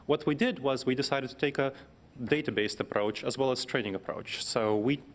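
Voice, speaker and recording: A man, a consultant, explaining his point on a panel in a measured, conversational way. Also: medium pitch.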